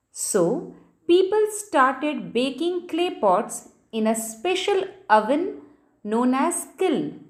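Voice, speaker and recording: A high-voiced woman teacher talks young children through a textbook lesson. Her voice swoops up and down in a sing-song way, and she takes her time. She stops to spell out key words letter by letter. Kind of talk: reading and explaining a school textbook lesson.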